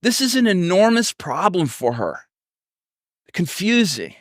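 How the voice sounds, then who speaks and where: A pastor from Texas delivers a sermon in a high, sing-song voice at a measured pace, recorded at studio quality without room sound. Storytelling is his mode, and he takes on the voices of the people he quotes.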